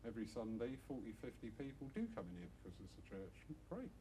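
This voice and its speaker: A man's voice: medium pitch, sing-song, quick pace, mellow, a little hiss or hum. A middle-aged man giving an informal church talk to a small audience, chatty with self-mocking asides. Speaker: church speaker.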